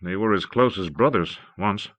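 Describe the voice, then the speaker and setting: A man's voice: sits low, normal speed, fairly bright tone. A man voicing an earnest, troubled young man of the Watch, speaking urgently on a dull old tape.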